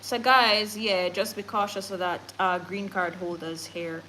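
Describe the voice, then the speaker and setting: A woman's voice: lowish voice, steady tone, unhurried, fairly bright tone, a little hiss or hum, poor audio. A woman hosting a news show, reading items aloud and breaking off to chat casually with her viewers. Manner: reads items then chats to viewers.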